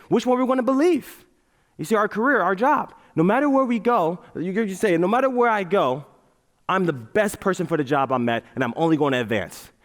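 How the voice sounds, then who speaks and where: A man giving a playful, animated motivational talk on a large auditorium stage, leading the crowd in chants. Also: sits high. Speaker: motivational speaker. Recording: reverberant hall.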